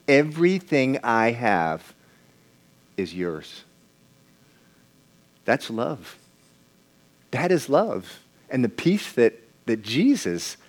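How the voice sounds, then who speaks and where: Man preaching a conversational sermon. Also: on the low side. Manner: conversational, questions the congregation, repeats words and restarts.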